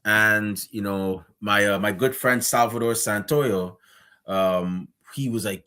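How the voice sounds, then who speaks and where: A man's voice: lowish voice, takes it slowly, sharp tone. A man from Guyana hosting a casual interview who tells a personal story in a conversational way. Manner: conversational, retells stories with acted-out quotes. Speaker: interview host. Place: streamed remote interview.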